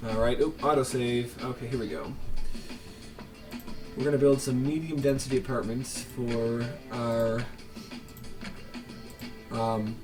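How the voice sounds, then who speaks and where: A man hosting a let's play, casually commenting on his gameplay with chatty, joking asides. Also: medium pitch.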